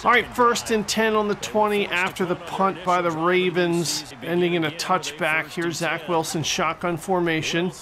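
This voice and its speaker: A man giving excitable, jokey play-by-play commentary over a football video game. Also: sits high, moderate pace, few pauses, a crowd in the background. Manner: excitable and jokey, mock-announcer delivery. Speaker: gaming commentator.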